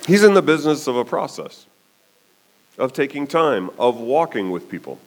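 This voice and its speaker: A man preaching a sermon as a pastor, telling the story with animated delivery and often checking in with "okay?". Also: medium pitch, normal speed.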